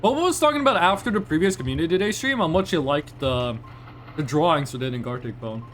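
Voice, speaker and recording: A man's voice: a little high, animated, fast, soft background music. A young man streaming live, chatting casually and rambling in reply to his chat, often restarting his sentences.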